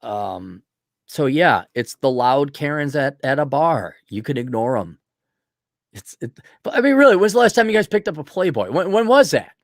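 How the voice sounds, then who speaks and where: A middle-aged man hosting a livestream, reading viewer donations and ranting bluntly with profanity, frequent throat-clearing, and a voice that is giving out. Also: fairly high pitch, big pitch swings, normal speed, dry recording, studio quality. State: losing his voice. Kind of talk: blunt opinionated livestream rant.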